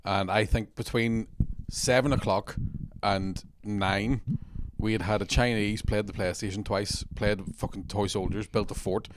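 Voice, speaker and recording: Laid-back low-voiced man. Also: fairly even intonation, measured pace, hardly any pauses. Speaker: podcast host. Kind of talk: casual chat.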